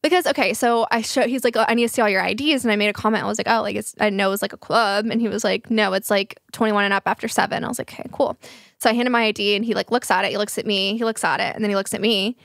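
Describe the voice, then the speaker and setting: A woman in her twenties chatting casually as a podcast host, telling an animated story, acting out quotes and swearing freely. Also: medium pitch, racing, vocal fry, no room sound, studio quality. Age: 20s. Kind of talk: casual chat.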